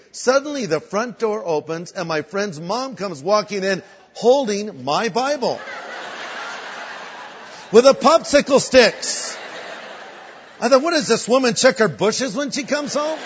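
Older preacher, high voice, lo-fi sound. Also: male voice, normal speed, slightly rough, long reverb tail. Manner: animated storyteller acting out voices of people. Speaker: guest pastor. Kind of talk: sermon with storytelling. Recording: dull lo-fi sound.

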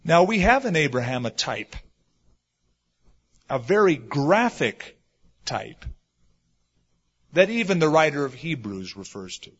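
A middle-aged man preaching a sermon, telling stories and swinging between loud stresses and hushed asides. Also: fairly high pitch, big pitch swings, unhurried, long pauses, husky. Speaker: pastor. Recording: dull lo-fi sermon recording.

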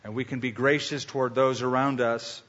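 A man's voice: mid-range voice, flat delivery, moderate pace, fairly bright tone. A man preaching a sermon as pastor, emphatic and storytelling. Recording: lo-fi with long hall reverb.

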